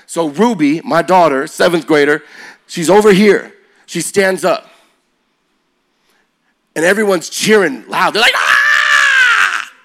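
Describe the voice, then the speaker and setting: A middle-aged man, a youth pastor, telling a story as he preaches, his delivery swinging from hushed lines to shouts. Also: fairly high pitch, a little slow, long pauses. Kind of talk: energetic sermon storytelling.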